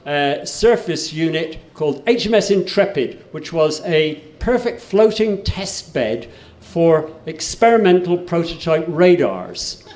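A man's voice: fairly high pitch, big pitch swings, a little slow, darkish tone, roomy sound. An older man telling a humorous story on stage between songs, chatty and wry, often restarting his sentences. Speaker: folk singer and storyteller. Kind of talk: live on-stage song introduction.

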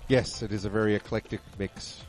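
An Australian man talking in casual radio chat, his voice a little low. He tells anecdotes with a dry, jokey manner, with faint music playing behind. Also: steady tone, brisk.

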